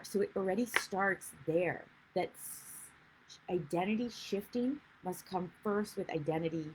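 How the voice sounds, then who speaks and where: A woman's voice: fairly low pitch, slight background noise, rough recording. A woman life coach giving a chatty, rambling livestream talk and greeting viewers as she goes. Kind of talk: live-streamed coaching talk.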